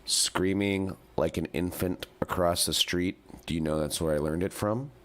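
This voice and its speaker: A man hosting a comedy call-in show, delivering deadpan rants that flare into yelling. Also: low voice, moderate pace. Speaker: host.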